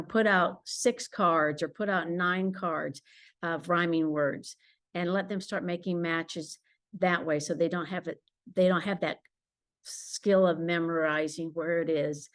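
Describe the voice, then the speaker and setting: A woman teacher explaining reading games to parents at home, patient and clear, slowing down to model words the way she would for a child. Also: fairly low pitch. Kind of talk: instructional talk to parents.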